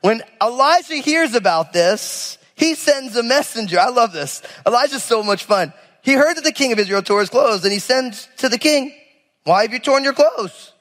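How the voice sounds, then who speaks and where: A male pastor preaching a sermon in a lively, conversational way, acting out biblical figures in casual modern voices. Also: very high-pitched, normal speed, in a large hall.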